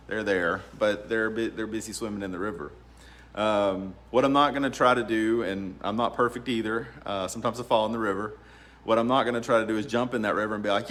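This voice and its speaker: Speaking briskly in a lowish voice, a man who works as a real estate attorney rambles casually through some advice at his law office. He's relaxed, laughs frequently and fills in with plenty of ums.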